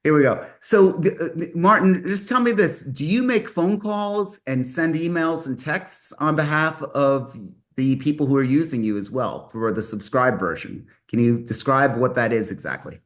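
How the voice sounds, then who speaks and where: A man's voice: a little high, normal speed, hardly any pauses. A man in his fifties hosting a mastermind group on a video call, rambling and correcting himself as he talks. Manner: rambling, self-correcting, enthusiastic. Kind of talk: casual online meeting talk.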